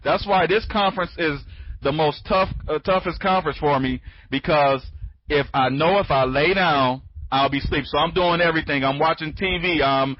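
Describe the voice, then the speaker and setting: A tired man hosting a casual online training call, talking quickly, rambling and repeating himself with many restarts. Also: a little high, no room sound. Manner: talks fast when excited. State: sleepy, tired. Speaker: online training conference host. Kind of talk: casual live webinar talk. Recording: dry, dull lo-fi audio.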